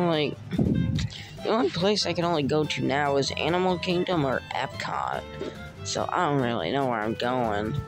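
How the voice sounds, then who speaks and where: Excitable guy narrating a plush skit, slow drawl, kinda highish voice, music going behind. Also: creaky. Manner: excitable, bursts into whoops and cheers. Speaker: plush video maker.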